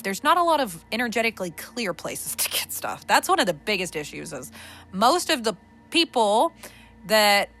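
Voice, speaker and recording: Blunt, profane, bright-voiced woman. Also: medium pitch. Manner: blunt and profane, trailing restarts. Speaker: podcast host. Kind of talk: unscripted spiritual rant. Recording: faint background music.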